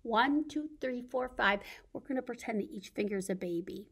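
A woman's voice: a little high, brisk, hardly any pauses, breathy edge. A woman leading a baby storytime as a children's librarian, reading picture books and rhymes in a playful sing-song way with gasps and sound effects.

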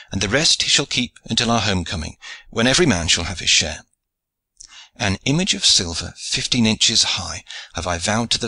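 A man's voice: on the low side, bright, forceful tone, husky, no echo, heavily acted. A man voicing a gallant, pious old knight commanding his men, in courtly old-fashioned speech.

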